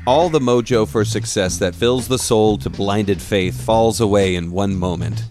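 A man hosting a podcast, reading a scripted narration in a measured, reflective way. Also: lowish voice, darkish tone, faint music behind. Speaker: podcast host.

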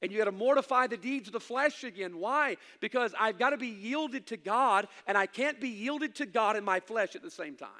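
High-voiced preacher in a reverberant hall. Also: male voice, brisk, hardly any pauses. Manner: preaching with swings from loud to hushed, folksy asides. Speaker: pastor. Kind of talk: sermon. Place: church sanctuary.

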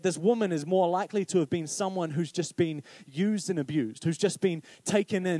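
A man's voice: fairly high pitch, dry recording. A male pastor giving a conversational sermon, often asking "right?" and acting out quoted voices. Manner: conversational, animated, acts out quoted voices with many "right?" asides.

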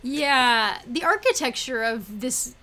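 A woman's voice: on the high side, animated, slow pace, pushed and bright. A woman co-hosting a podcast, chatting casually with playful interjections. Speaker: podcast co-host. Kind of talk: casual chat.

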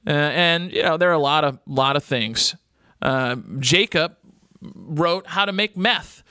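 A man's voice: on the high side, a little slow, bright, forceful tone, smooth, no echo. A man hosting a radio show from a studio, talking casually, rambling and joking with lots of fillers.

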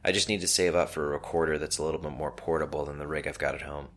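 A man's voice: rumbling low, level tone, very fast, a bit bright, faint music behind. A man voicing a nervous teenage boy working a store counter who stammers when flustered. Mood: hesitant.

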